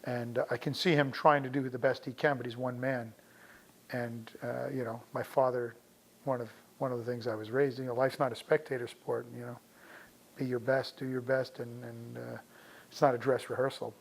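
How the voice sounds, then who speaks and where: A man's voice: medium pitch, flat delivery, normal speed, creaky, rough recording. A middle-aged man from the New York area, a veterinarian, telling a personal story in a conversational way and acting out the dialogue as he goes.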